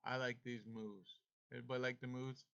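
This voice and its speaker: A man's voice: medium pitch, level tone, fairly quick, gravelly, a bit bright, smooth. A man leading an online devotional class, emphatic and playful as he coaxes his students along. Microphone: video call. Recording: muffled video-call audio.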